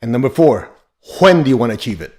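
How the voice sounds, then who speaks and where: A man's voice: medium pitch, very animated, quick pace, a little mellow. A man giving a motivational teaching talk as a spiritual teacher, blunt and emphatic, joking and laughing as he drives points home.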